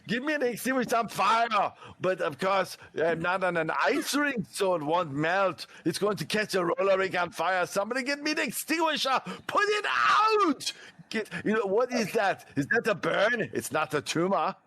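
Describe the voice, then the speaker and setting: A man's voice: sits high, animated, moderate pace, hardly any pauses, fairly bright tone, no echo, exaggerated voice. A man doing an impression of an Austrian action-hero strongman, barking frantic orders. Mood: panicked shouting.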